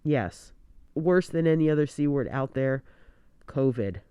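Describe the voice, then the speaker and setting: A woman's voice: extremely low pitch, animated, unhurried, clean tone, no echo, dull audio. A woman podcast host, sick with a scratchy voice, talking frankly through a mask from her bedroom at night and laughing often. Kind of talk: candid casual monologue. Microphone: home studio mic at end of bed.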